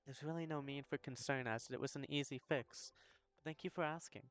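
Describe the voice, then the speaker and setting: Guy putting on a soft polite banshee lady, kinda higher, smooth voice. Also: brisk, faint music behind, lightly acted. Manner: formal, gracious. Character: polite young female banshee customer.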